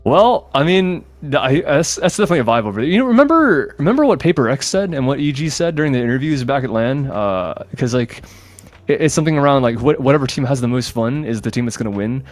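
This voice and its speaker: A man's voice: mid-range voice, lively intonation, quick pace, no room sound. A man casting esports, rambling and repeating himself as he comments on a team's energy. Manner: rambling, repeats words, laughs often. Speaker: esports caster.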